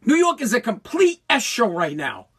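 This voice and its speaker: A man delivering an angry political rant, heated and profane, stumbling over restarts and bursting into shouts. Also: very high voice, huge pitch swings, normal speed, slightly rough. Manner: stumbling restarts when worked up.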